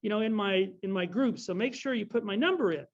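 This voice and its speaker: A man doing a gruff, blunt old actor. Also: high-pitched, fairly quick. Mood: friendly. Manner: brusque, teasing. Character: blunt gruff elderly male celebrity friend. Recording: dull lo-fi recording.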